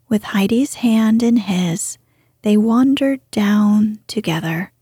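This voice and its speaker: Soothing woman narrator: breathy bedtime whisper, slow, close-miked and dry. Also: mid-range voice, warm tone, no room sound. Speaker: storyteller.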